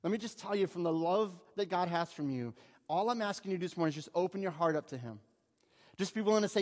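Man, pastor, sermon, high voice, chatty rhetorical questions, church hall reverb. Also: fast. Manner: conversational preaching with rhetorical questions to the congregation. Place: church sanctuary.

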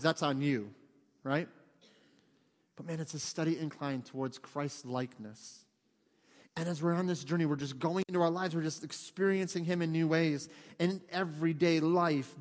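A man preaching a sermon in a church, talking to the congregation in a lively, conversational way and acting out quotes. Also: a little high, long reverb tail. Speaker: pastor. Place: church sanctuary.

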